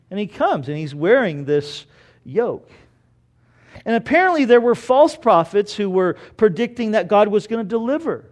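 A man preaching a sermon, telling the story in an animated way that rises loud for emphasis and drops low and quiet. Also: normal speed.

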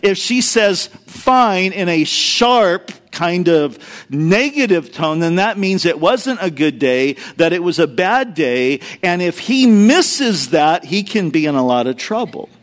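High-voiced man preaching with humor. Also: measured pace. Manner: animated storytelling, acts out quoted voices, addresses the congregation directly. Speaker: pastor. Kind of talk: sermon with humorous stories.

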